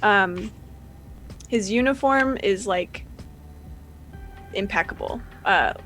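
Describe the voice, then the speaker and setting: A woman running a tabletop game as game master, narrating in a relaxed way with many fillers. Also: medium pitch, takes it slowly, faint music behind, low-quality recording.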